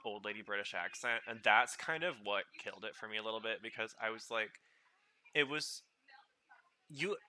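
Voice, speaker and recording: Guy with a really bright sharp voice rambling along while watching a show, lots of likes. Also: on the low side, normal speed, a little hiss or hum. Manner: rambling, filler-heavy, excitable reactions. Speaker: podcast host. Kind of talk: casual watch-along commentary.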